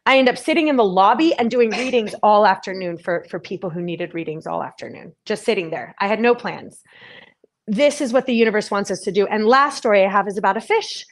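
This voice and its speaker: A woman in her thirties speaking as a spiritual speaker, telling personal stories in a casual, animated way and acting out the voices in them. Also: fairly high pitch. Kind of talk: casual storytelling talk.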